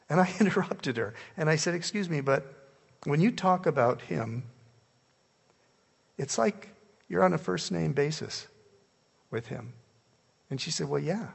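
Older male preacher, gravelly, animated storytelling, long church reverb. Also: a little high, a little slow, long pauses. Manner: animated, jumps between hushed and loud. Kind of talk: storytelling sermon. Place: church hall.

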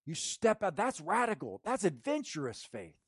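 A male pastor preaches in a loose, slangy, conversational way, often restarting his sentences. He swings from loud, emphatic bursts to hushed, quiet passages. His voice sits a little high and is recorded dry and close. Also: wildly swooping pitch, moderate pace, slightly rough, dry recording. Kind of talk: sermon.

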